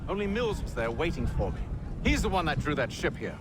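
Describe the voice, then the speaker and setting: An actor playing a terse ship captain in a video game cutscene, arguing and barking orders. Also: male voice, a little high, big pitch swings, a little fast. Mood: tense argument. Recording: game audio under loud noise.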